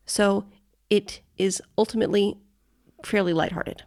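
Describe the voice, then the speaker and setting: A woman's voice: medium pitch, lively intonation, moderate pace, vocal fry, darkish tone. A woman co-hosting a travel podcast who explains news stories step by step and checks that the listener is following. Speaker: podcast co-host. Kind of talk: casual chat, explaining news.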